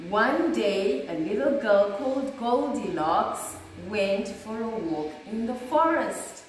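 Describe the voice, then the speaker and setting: A woman, an early years teacher, reading a children's story aloud with slow, expressive delivery. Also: fairly high pitch, distant mic. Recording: echoey room, voice off-mic.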